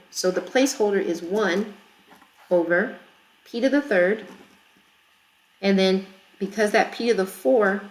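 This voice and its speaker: A woman teacher working through a math problem in a recorded lesson, chatty and explaining step by step with frequent checks for understanding. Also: mid-range voice. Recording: echoey room.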